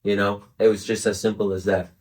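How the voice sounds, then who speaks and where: Lower-voiced young man, earnest and chatty. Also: level tone, a little fast, a little mellow, far from the mic. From Chicago area, United States. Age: 20s. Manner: earnest, fills speech with "right?" and "you know". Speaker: interview guest. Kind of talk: casual podcast interview.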